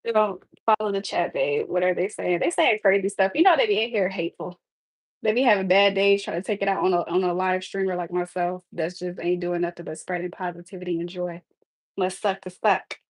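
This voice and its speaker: A woman's voice: lowish voice, steady tone, a little fast, no room sound, rough recording. Sassy young woman live streaming, dry sound. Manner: sassy, talks back to the chat. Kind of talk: casual livestream chat while cooking.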